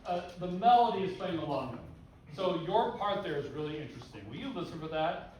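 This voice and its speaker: A man's voice: high voice, animated, brisk, darkish tone, a little hiss or hum. Man coaching a band in a room. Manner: counts off, sings rhythms on syllables. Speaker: band clinician. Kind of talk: rehearsal instruction. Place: large rehearsal room. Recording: echoey rehearsal hall, far mic. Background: band playing.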